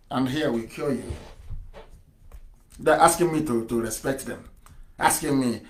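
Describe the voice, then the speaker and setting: Male radio broadcaster, high-pitched, fiery sarcastic political delivery with shouted peaks. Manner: fiery and sarcastic, with rhetorical questions and bursts of shouting.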